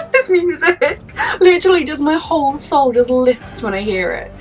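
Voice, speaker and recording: A woman's voice: high-pitched, sing-song, moderate pace, faint music behind. A woman hosting a reaction video, gushing and emotional, often exclaiming at the screen. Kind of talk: casual reaction commentary.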